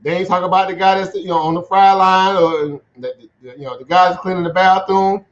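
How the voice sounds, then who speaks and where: A man's voice: high voice, steady tone, a little fast. Stream host, male, casual market commentary, chatty and laughing, muffled audio. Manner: chatty, laughs often, keeps asking "right?". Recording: dull lo-fi sound.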